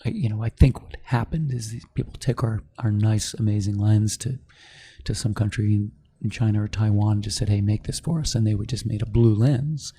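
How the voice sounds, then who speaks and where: A middle-aged man, a company founder, telling his story in a podcast interview, animated and quick to act out what others said. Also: lowish voice, breathy edge. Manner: animated storyteller, acts out quoted voices.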